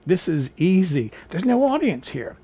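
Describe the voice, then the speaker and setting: Gravelly-voiced man telling stories to camera. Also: high-pitched, unhurried. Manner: animated anecdote-telling, theatrical. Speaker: vlogger. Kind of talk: casual storytelling to camera. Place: home kitchen. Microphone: camera on a tripod.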